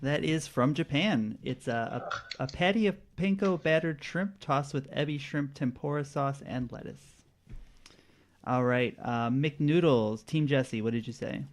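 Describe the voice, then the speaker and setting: A laid-back man hosts a casual trivia game on a podcast. His voice sits at an ordinary middle pitch. He reads the questions and answers easily, with frequent chuckles. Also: measured pace. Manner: relaxed, laughs often while reading answers. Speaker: quiz host. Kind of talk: casual podcast quiz hosting.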